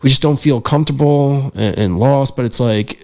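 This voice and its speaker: Medium in pitch with a darkish tone, this young filmmaker talks at a normal speed. Appearing as a guest in a relaxed podcast interview, he shares a story thoughtfully and sincerely, leaning on many fillers.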